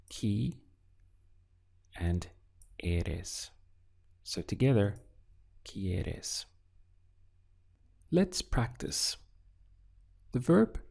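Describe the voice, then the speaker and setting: A man teaching a recorded language lesson, asking slow, deliberate questions and pausing for the learner to answer. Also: lowish voice, creaky, a little mellow, husky. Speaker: Spanish teacher.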